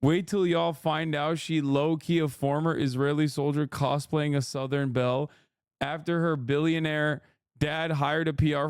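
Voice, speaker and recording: Smooth-voiced man ranting on a stream. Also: on the high side, dry recording, clean studio sound. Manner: profane, incredulous ranting with frequent laughs. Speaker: livestream commentator. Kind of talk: casual livestream commentary.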